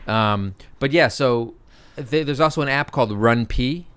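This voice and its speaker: Smooth-voiced man in his thirties. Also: medium pitch, a little slow, a bit bright, no room sound. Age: 30s. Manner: loose, swears freely, jokey storytelling. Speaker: podcast co-host. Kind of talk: casual chat.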